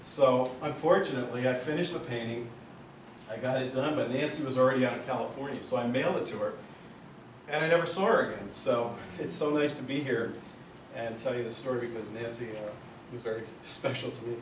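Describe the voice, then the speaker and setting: Man at a memorial, emotional storyteller, middle pitch, roomy and distant. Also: a little fast, slight background noise. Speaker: memorial speaker. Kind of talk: personal memorial speech. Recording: roomy hall, far from mic.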